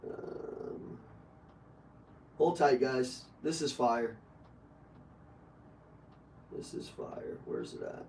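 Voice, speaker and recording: A man running a live sales training, brash and profane, pumping up his audience and breaking into shouts. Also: mid-range voice, huge pitch swings, very slow, creaky, pauses often, roomy sound, distant mic, slight background noise, low-quality recording. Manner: brash, profane, fired-up coaching, bursts into shouting. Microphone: online video call.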